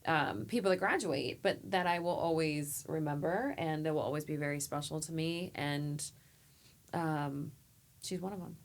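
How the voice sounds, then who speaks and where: A woman therapist telling heartfelt stories in a podcast interview, animated and acting out the people she quotes. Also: low-pitched, moderate pace. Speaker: therapist guest. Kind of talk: emotional conversational storytelling.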